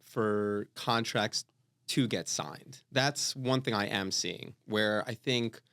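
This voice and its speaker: A man's voice: fairly low pitch, slow pace, fairly bright tone. A man on a casual studio panel, speaking steadily and repeating key points. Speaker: guest real estate agent.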